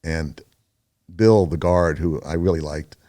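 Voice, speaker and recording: A man's voice: extremely low pitch, measured pace. An older man telling his story as a podcast guest, loose and chatty, with lots of fillers, restarts and acted-out voices of other people. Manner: animated, acts out other people's lines in a raised voice. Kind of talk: rambling storytelling in an interview.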